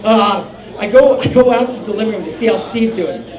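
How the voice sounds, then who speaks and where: A man's voice: high voice, normal speed, darkish tone. A male stand-up comedian telling a story on a small bar stage, swearing a lot and acting out his friends' lines. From Salt Lake City area. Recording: roomy bar recording from a distance. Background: crowd laughing.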